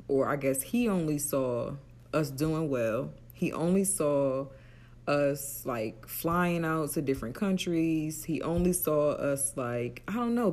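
A woman from Atlantic City co-hosting a podcast in casual chat, telling stories in quick, animated bursts. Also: low-pitched. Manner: animated storyteller, quick bursts and frequent laughter. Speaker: podcast co-host.

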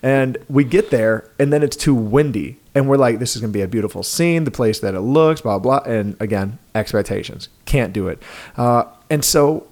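A man's voice: mid-range voice, moderate pace. Joking middle-aged New York man. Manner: storytelling, joking, animated asides. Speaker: podcast co-host. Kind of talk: casual chat.

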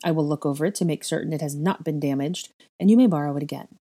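A woman voicing a stern older librarian witch who speaks flatly and precisely, in a low, mellow voice. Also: fast talker. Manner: flat, precise, disapproving.

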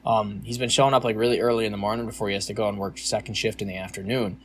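A man's voice: lowish voice, steady tone, very fast, a bit bright, slight background noise. A young man co-hosting a podcast, venting in a rambling casual chat full of fillers and frequent swearing. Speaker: podcast co-host.

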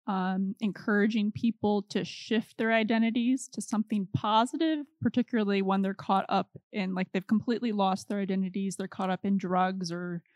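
A woman interviewing a guest, asking her question thoughtfully and pausing to find words. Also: mid-range voice, darkish tone, dry recording.

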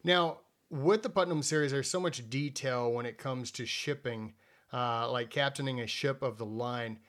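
A male podcast host with a mid-range voice asks casual questions. He pauses and restarts a little as he builds each question. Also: medium pitch, a bit bright. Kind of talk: interview questions.

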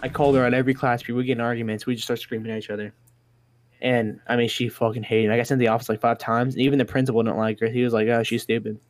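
A man's voice: medium pitch, little pitch movement, very fast. A young man telling a rambling, profane story in casual chat.

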